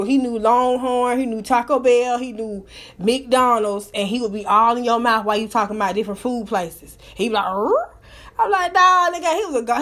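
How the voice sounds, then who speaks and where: High-voiced woman telling a profane story. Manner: profane, animated, breaks into laughter. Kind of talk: casual storytelling.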